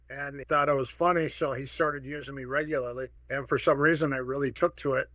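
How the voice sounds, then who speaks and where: A man in his sixties, from Minnesota, telling lively stories as a podcast guest and acting out the dialogue in them. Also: a little high, no room sound, studio quality. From Minnesota, USA. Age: 60s. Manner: lively anecdotal, acts out quoted dialogue. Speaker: guest, martial arts pioneer. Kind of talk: casual storytelling.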